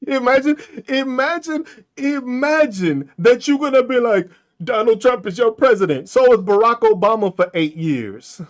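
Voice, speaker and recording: Loud mocking male podcast ranter. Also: extremely high pitch, very animated, moderate pace. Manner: mocking, profane, laughs often. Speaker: podcast host. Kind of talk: ranting commentary on comments.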